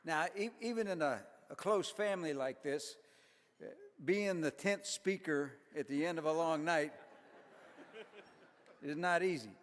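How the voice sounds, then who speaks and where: An older man giving an after-dinner speech at a banquet, telling folksy jokes with deadpan punchlines and chuckling at his own jokes. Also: on the high side, a little slow, slight background noise. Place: large banquet hall. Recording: long hall reverb.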